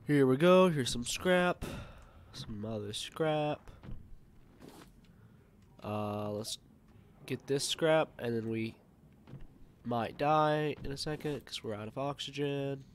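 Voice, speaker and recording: A man talks through a survival video game while he plays, rambling and thinking out loud with plenty of fillers. His pitch is ordinary for a man, and he speaks at a slow, easy pace. Faint noise runs behind him. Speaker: gamer. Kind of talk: let's play game commentary.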